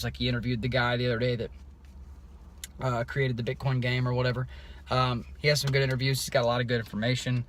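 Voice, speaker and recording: A man giving a casual, rambling video update, loose and unscripted, with many pauses and restarts. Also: medium pitch, a bit bright, slight background noise. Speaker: crypto vlogger.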